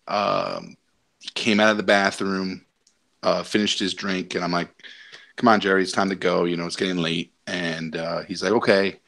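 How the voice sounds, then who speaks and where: A young man with a lowish voice spins a rambling story in casual podcast chat. He talks loosely, full of ums and likes, and breaks into laughter as he goes. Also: a bit bright. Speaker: podcast co-host.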